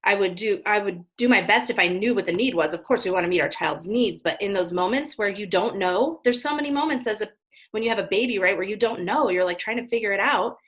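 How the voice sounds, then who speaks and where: A woman's voice: mid-range voice, quick pace, fairly bright tone. A woman speaking as a guest in a casual interview, earnest and explaining at length, often checking in with "right?". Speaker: parenting guest.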